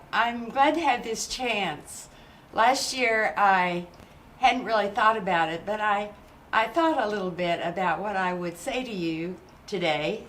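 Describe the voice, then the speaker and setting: A woman's voice: medium pitch, fairly bright tone, a little hiss or hum. An older woman giving a numbered advice speech, rambling and losing count, with many "uh"s.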